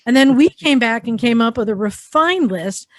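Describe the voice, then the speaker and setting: A woman's voice: a little high, lively intonation, normal speed, no room sound. A woman co-hosting a casual motorcycle podcast, chatty and running her news together in long strings of "and then". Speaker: podcast co-host. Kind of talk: casual chat.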